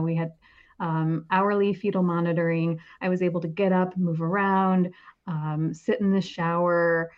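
A woman in her forties, a podcast guest, telling her story in a casual, animated way and laughing often. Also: on the low side, highs cut off. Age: 40s.

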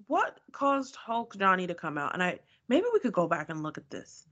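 A woman's voice: on the low side, big pitch swings, moderate pace, a bit bright, muffled recording. A woman co-hosting a casual recap chat, indignant and exasperated, swearing freely. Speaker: podcast co-host.

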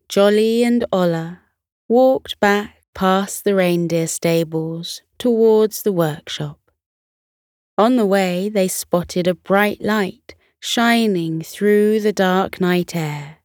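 A woman narrating a children's bedtime story in a slow, soothing reading manner. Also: lowish voice, a little mellow, dry recording, clean studio sound.

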